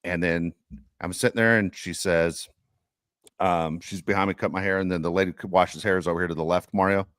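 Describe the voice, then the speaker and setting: A man's voice: low-pitched, fairly quick, dry recording, clean studio sound. A middle-aged man hosting a sports podcast, telling a rambling story in casual chat and getting worked up as he rants. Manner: animated, worked-up ranting. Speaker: podcast host.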